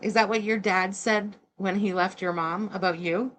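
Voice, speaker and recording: A woman's voice: medium pitch, steady tone, normal speed. A woman hosting a reaction livestream, giving blunt, sarcastic, scornful commentary. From Canada. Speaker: commentary channel host.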